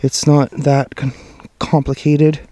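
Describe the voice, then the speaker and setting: Rushing out of the woods after dark, a man who runs a paranormal vlog talks anxiously to his audience while recording himself on a handheld camera mic as he walks. His voice is on the high side and mellow, delivered flat and slowly with no echo, and he keeps sighing, muttering and swearing quietly in a jittery way. Faint nighttime forest noise and some rattling sit in the background.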